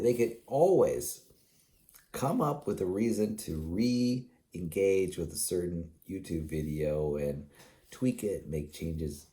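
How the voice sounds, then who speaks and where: Dark in tone and sitting low, the man's voice carries a drowsy, yawning solo vlog monologue. He thinks out loud, restarting sentences and leaning on fillers, with occasional chuckles.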